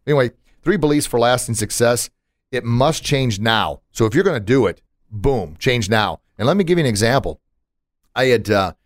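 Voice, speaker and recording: A man's voice: mid-range voice, no room sound, studio quality. A man hosting a podcast in casual chat, emphatic and motivational, with punchy asides. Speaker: podcast host.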